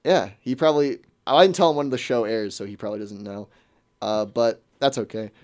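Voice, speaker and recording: A man's voice: on the low side, fairly quick, darkish tone. A young American man hosting a radio show, chatting casually and rambling with lots of restarts. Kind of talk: casual chat.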